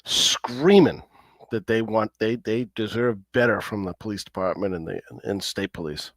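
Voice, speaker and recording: A man's voice: fairly low pitch, moderate pace, no echo. A man co-hosting a casual livestream talk show, cutting in with blunt, teasing remarks. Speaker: podcast co-host.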